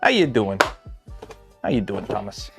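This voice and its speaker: A man's voice: on the low side, very animated, unhurried, vocal fry, over music. A man hosting a casual livestream from his home garage, rambling with lots of filler words. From Canada. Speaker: livestream host.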